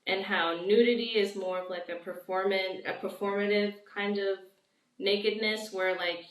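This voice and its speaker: A woman's voice: medium pitch, fairly even intonation, normal speed, recorded from a distance. A young woman talking as a guest in a casual interview, rambling and filling her sentences with "like". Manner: rambling, filler-heavy, says "like" often. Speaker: guest artist. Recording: roomy, voice set back from the mic.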